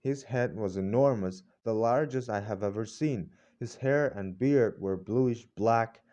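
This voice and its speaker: A man narrating a classic novel as an audiobook in measured storytelling. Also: on the low side, dark tone, muffled recording. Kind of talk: scripted narration.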